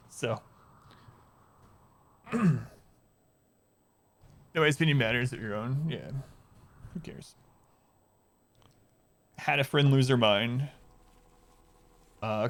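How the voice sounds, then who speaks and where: A man's voice: mid-range voice, takes it slowly, gravelly, pauses often. A man streaming live, chatting casually and rambling with sarcastic asides, with a faint regional American accent.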